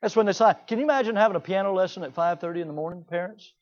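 A man preaching a sermon in an animated way, often mimicking the people he talks about. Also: sits high, rapid-fire, lo-fi sound. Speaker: pastor.

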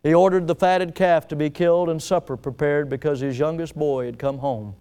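Dramatic preacher man with a smooth voice. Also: a little high, steady tone. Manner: dramatic preaching that swells loud then drops to soft, slow emphasis. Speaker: pastor. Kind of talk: sermon.

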